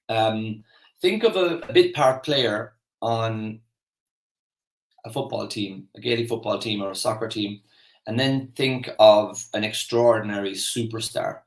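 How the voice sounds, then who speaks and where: A man's voice: fairly low pitch, a little slow, echoey room, rough recording. An Irish man giving a casual motivational talk, chatty and rambling with lots of restarts and fillers. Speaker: motivational speaker.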